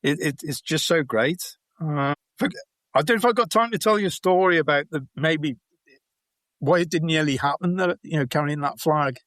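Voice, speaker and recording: A man with a Welsh accent, a podcast guest telling anecdotes in a relaxed, chatty way. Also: on the high side, moderate pace, no room sound. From Wales. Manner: chatty, anecdotal, laughs while telling stories. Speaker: podcast guest, bowls player. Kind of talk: storytelling in a casual interview.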